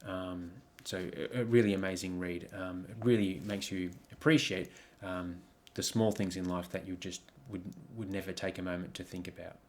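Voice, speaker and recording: A man with a fairly low voice gives a coaching presentation over slides. He talks reflectively, putting question after question to the listener and pausing on frequent ums and restarts. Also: steady tone. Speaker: life coach.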